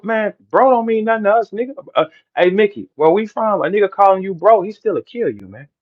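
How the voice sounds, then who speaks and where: A man's voice: sits high, muffled recording. A middle-aged man with a St. ranting on a livestream, preachy and profane, lecturing his listeners. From St. Louis, Midwest US. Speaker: battle rapper ranting to listeners. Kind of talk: heated livestream rant.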